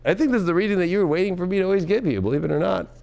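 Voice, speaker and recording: A man giving a tarot reading in an excitable, loud and profane way, often breaking into laughter. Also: sits high, very fast, gravelly. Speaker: tarot reader.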